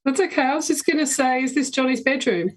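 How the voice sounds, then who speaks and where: A woman on a comedy panel, guessing answers slowly and hesitantly. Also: high voice, expressive, a little hiss or hum.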